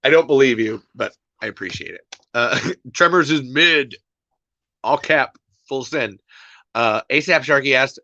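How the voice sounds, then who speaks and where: A man rants casually on a livestream, exasperated and rambling, going back over the same points. His voice has a bright, forward edge. The recording is dry and a little dull, like a home mic. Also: mid-range voice, expressive, unhurried, pauses often, dry recording. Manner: exasperated, rambling, repeats himself. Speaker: podcast host.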